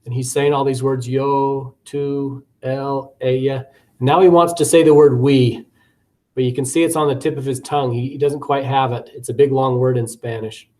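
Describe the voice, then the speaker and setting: A man's voice: mid-range voice, flat delivery, moderate pace, a little mellow. A man giving recorded course commentary as a teacher educator, talking conversationally with frequent fillers, repeated words and acted classroom examples.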